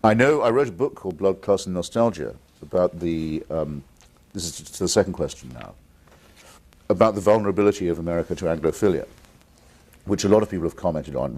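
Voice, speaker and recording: A man's voice: low-pitched, a little mellow. A man in his fifties from England with an English accent, a guest on a call-in interview, articulate and combative, with frequent restarts. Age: 50s. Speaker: interview guest taking viewer calls.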